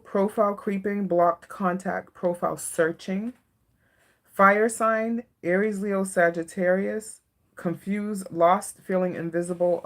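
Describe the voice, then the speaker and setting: A woman giving a live-stream tarot reading, soft-spoken and emotional, often checking in with her viewers. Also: medium pitch. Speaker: tarot reader.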